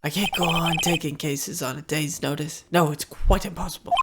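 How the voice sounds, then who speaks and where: A woman voicing a pompous, evasive elderly male lawyer in a game, with a hushed, drawn-out manner. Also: sits low, fairly even intonation, heavy background noise. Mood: dismissive. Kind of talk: reading game dialogue aloud. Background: game music.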